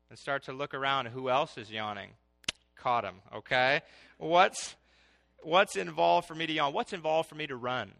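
A middle-aged man preaching a sermon in an animated, conversational way, often asking his listeners questions. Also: fairly high pitch.

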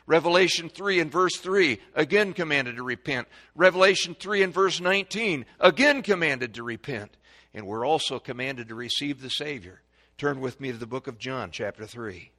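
A man preaches a sermon in a church sanctuary, reading scripture in old-fashioned wording and calling out verses. He swings between loud stresses and quiet asides in a mid-range voice, and the large hall adds long reverb.

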